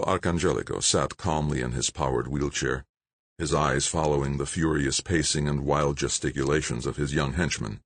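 A man narrating a novel in a measured, expressive reading. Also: extremely low pitch, no echo. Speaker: audiobook narrator. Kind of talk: scripted narration.

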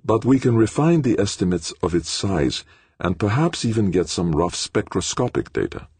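A man's voice: fairly low pitch, big pitch swings, normal speed, darkish tone, slightly rough, no echo, voice pushed up, full character voice. A man voicing an eager, self-focused male scientist who talks earnestly.

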